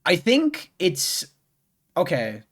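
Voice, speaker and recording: A young man talking casually over a game stream, his voice sitting a little higher than most men's. He rambles and loops back on himself, filling gaps with lots of "like" and "um". He swears offhandedly as he goes. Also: huge pitch swings, extremely slow, a bit bright. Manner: rambling, full of "like" and restarts, swears freely. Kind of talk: casual chat while playing a game.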